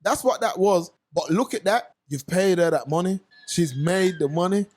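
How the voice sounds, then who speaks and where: A man's voice: high-pitched, moderate pace. A man co-hosting a casual podcast chat, telling stories in slang and acting out the people in them. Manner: animated storytelling, slangy, acts out quoted voices. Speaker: podcast co-host.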